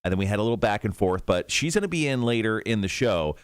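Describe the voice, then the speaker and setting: Deep-voiced man bantering on radio. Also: smooth, no echo, clean studio sound. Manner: animated, quick to laugh. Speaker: radio show co-host.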